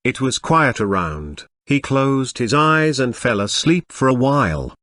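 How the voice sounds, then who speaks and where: A text-to-speech male voice narrating a web novel audiobook in an even, synthetic reading. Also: mid-range voice, unhurried, no room sound, clean studio sound.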